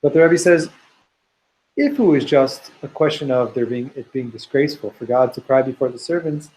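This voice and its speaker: Male teacher, mid-pitched, reads Hebrew passages and unpacks them thoughtfully for a class. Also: animated, normal speed, darkish tone, slight background noise, low-quality recording. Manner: thoughtful, reads Hebrew text aloud and explains it; repeats words while working out ideas. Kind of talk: Torah class lecture.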